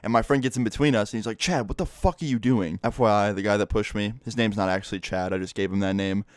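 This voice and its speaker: A young man telling a profane storytime tale to camera in a lively, casual way. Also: lowish voice, fast talker, clear, resonant tone, no echo, clean studio sound. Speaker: YouTuber. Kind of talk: storytime vlog.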